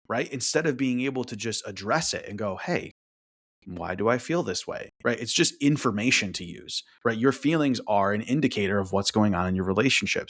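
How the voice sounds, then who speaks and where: Casual low-voiced man, keeps adding "right?". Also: a bit bright. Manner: acts out quoted thoughts in a higher voice. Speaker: relationship podcast host. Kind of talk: casual monologue.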